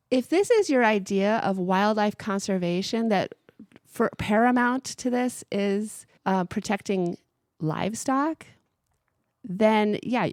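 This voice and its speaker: A woman's voice: mid-range voice, darkish tone, dry recording, studio quality. A woman co-hosting a radio talk show, explaining earnestly in a casual discussion with frequent restarts.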